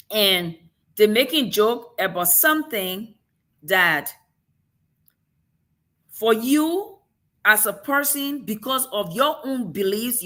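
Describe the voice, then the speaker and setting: Bright-voiced African-accented woman. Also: fairly high pitch. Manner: emphatic, with pointed rhetorical questions. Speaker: talk show host. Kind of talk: casual talk-show discussion.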